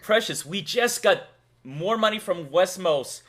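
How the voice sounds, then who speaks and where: A man's voice: sits high, expressive, measured pace, fairly bright tone. A man from Massachusetts with a Massachusetts accent, hosting a casual live stream, jokey and playful as he reads out donations. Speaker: streamer host.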